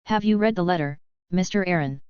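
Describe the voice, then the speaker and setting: A woman voicing a playful, wise old male wizard headmaster, speaking slowly and in a teasing tone. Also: on the low side, clean tone, dry recording, close to an everyday voice. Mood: wry, gentle. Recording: dull, lo-fi, dry.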